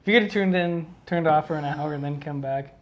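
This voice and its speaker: A man's voice: on the high side, brisk, highs cut off, slight background noise. A man co-hosting a wrestling podcast in casual chat, often laughing and chiming in to agree. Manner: agreeable, laughs a lot, chimes in.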